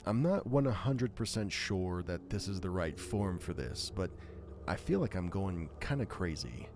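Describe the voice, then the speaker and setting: A man with a smooth, buttery voice hosting a live stream, chatting casually and self-deprecatingly between reading short horror stories aloud. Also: low-pitched, unhurried, slight background noise. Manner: self-deprecating, joking, animated.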